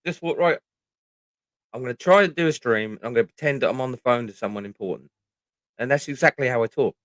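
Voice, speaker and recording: A man's voice: mid-range voice, quick pace, a bit bright, dry recording. British bloke rambling on his stream, swears every other line, dry sound. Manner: swears freely, rambling and jokey. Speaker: livestream host. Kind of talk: casual livestream chat.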